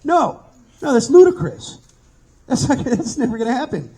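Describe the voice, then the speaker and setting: Husky high-voiced preacher man, stammering. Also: very animated, moderate pace, dark tone, low-quality recording. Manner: stammering repetitions, earnest storytelling. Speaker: pastor. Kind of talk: informal sermon.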